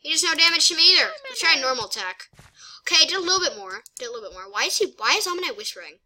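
A woman giving excitable, chatty let's play commentary as a gaming channel host, talking to herself as she plays. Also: very high voice, rapid-fire, crowd noise, rough recording.

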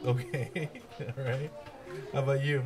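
A man teaching a class and hosting the show, asking questions in a relaxed, playful, teasing way. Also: mid-range voice, unhurried.

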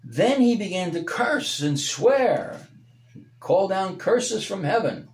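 A man preaching a sermon as pastor, swinging between loud emphatic peaks and hushed low passages. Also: big pitch swings, a little slow, roomy sound. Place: church sanctuary.

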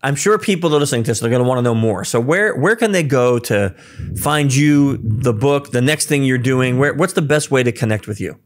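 A man hosting a podcast interview, relaxed and affirming, asking casual questions. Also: medium pitch, a little fast. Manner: relaxed, affirming, laughs easily. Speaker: podcast host.

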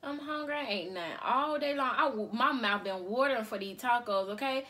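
High bright-voiced chatty young woman vlogger. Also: a little fast. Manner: chatty, addresses viewers as y'all, repeats okay. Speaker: mukbang vlogger. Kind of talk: casual chat to viewers. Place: her bedroom. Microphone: cell phone.

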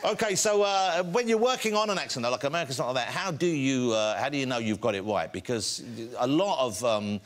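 A man's voice: mid-range voice, lively intonation, a little fast, few pauses. A man with an English accent, hosting a television chat show and teasing his guests. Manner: joking, teasing. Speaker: talk show host. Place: television studio. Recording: studio audience, loud noise.

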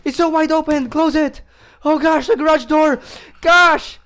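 A man with an unusually high voice narrates a horror game as he plays. He speaks slowly and draws out his words, breaking into gasps, yelps and nervous laughter whenever something startles him. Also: fairly even intonation, a bit bright. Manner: jumpy, gasping and yelping, nervous laughter. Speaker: let's play gamer.

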